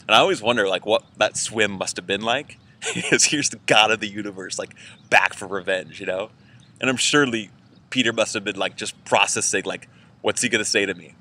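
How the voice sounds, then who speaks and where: A man's voice: lowish voice, bright, forceful tone. A man pastor giving an informal weekend sermon, casual and conversational with many fillers. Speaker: church pastor.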